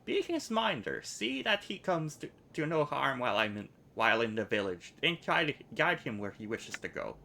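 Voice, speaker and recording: A man voicing a sly, crippled older fixer in a video game, mock-courteous and quietly dangerous. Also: mid-range voice, big pitch swings, moderate pace, gravelly, few pauses, slight background noise, voice pushed up, heavily acted.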